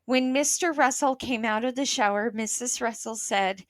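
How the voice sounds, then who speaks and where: A woman reading a children's book aloud, expressive, with small slips and asides. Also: a little high, normal speed, no echo.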